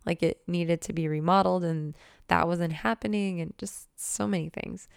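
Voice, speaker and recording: Young woman vlogging from her new apartment, gushy and sweary, raspy low voice. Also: moderate pace, no room sound, studio quality. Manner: excitable, gushing, swears casually. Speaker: podcaster and manifestation coach. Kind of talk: casual vlog chat.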